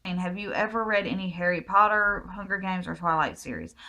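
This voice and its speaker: Laid-back Southern American woman, low voice. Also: fairly quick, bright, forceful tone. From United States. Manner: easygoing, rambling answers with frequent ums. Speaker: vlogger. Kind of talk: casual Q&A vlog.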